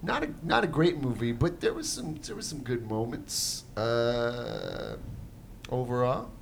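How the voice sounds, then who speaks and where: A man in casual podcast chat who rambles and often restarts his sentences. His voice sits at an ordinary pitch, with a faint low rumble behind it. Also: wildly swooping pitch, measured pace, vocal fry. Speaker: podcast co-host.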